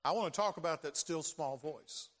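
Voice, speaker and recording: A man's voice: a little high, moderate pace, a bit bright. An older man preaching a sermon as pastor, dramatic and given to repeating his phrases. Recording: long reverb of a large hall.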